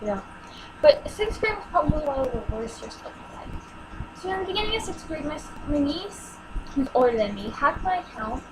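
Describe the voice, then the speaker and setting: This teenage girl's high-pitched voice is very animated as she relates a personal story at a moderate pace in a home vlog. Noise fills the background while she acts out quotes, clearly exasperated and emotional.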